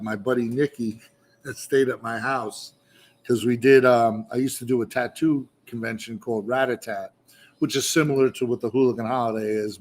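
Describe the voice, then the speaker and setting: Profane storytelling man at a bar. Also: mid-range voice. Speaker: guest. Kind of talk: casual storytelling. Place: meadery bar.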